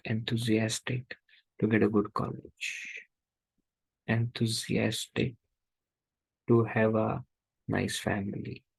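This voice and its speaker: Gravelly-voiced man teaching a scripture class. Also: on the low side, a little mellow, no echo, low-quality recording. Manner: rhetorical, acts out inner voices.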